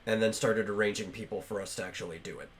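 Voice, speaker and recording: Low-voiced man hosting a casual podcast. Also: steady tone, fast, slight background noise. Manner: rambling, lots of fillers and restarts. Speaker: podcast host.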